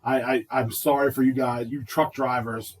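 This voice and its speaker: A man's voice: medium pitch, flat delivery, normal speed, husky, recorded from a distance, low-quality recording. A man co-hosting a casual podcast chat, rambling, swearing and then apologizing when he gets worked up. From United States. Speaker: podcast co-host.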